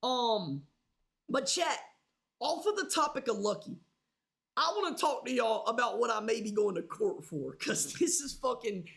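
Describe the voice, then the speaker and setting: A man's voice: very high voice, lively intonation, a little slow, vocal fry, fairly bright tone. A man livestreaming, rambling casually and swearing a lot as he talks straight to his chat.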